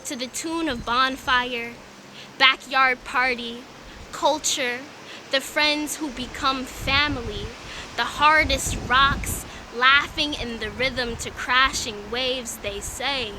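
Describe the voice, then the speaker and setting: A poet from Tampa, Florida, this woman has a Southern US accent and a high-sitting, steady voice, speaking slowly against a noisy background. She performs spoken word poetry in a rhythmic, emphatic style, then chats about how she got her start.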